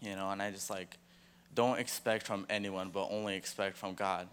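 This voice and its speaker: A young man giving a halting church testimony, full of 'like' and 'you know', heard in a large hall. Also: deep voice, fairly even intonation, noisy background. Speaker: testimony speaker. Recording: long reverb of a large hall.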